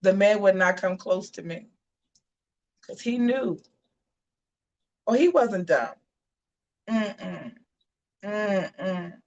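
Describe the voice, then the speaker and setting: A woman hosts a laid-back live chat with her viewers. Her voice sits at an ordinary middle pitch. She tells stories in a sassy, animated way and talks straight to her audience. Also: extremely slow, pauses often, dull audio. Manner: sassy, animated storytelling, addresses viewers as y'all. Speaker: host of a live gossip and commentary show.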